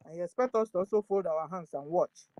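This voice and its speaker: A woman's voice: fairly low pitch, brisk, darkish tone, no echo, poor audio. A woman with a Nigerian accent giving impassioned commentary as an activist, pleading and firing off rhetorical questions, at times switching into prayer.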